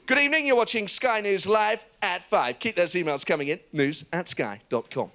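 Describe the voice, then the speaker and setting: A man putting on the voice of a pompous TV news anchor, grave and deliberate. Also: high-pitched, bright, forceful tone. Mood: solemn. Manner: slow, grave voice of authority.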